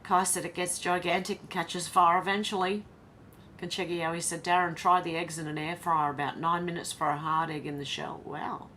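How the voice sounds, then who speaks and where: The delivery here is flat and the tone sharp: an Australian woman with a lowish voice, talking at normal speed as she hosts a casual livestream. She reads comments aloud and replies between them, over slight background noise.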